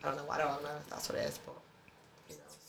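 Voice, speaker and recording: Young woman chatting, bouncy pitch, kinda hesitant, echoey room. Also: fast, creaky, distant mic, a little hiss or hum. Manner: laughing, hesitant, animated. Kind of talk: casual chat. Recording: roomy sound with faint ambience.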